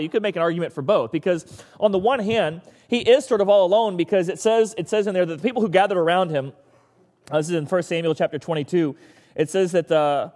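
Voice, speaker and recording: A man's voice: high voice, a little mellow, in a large hall. A male pastor giving a casual, conversational sermon and acting out the voices of the people he talks about.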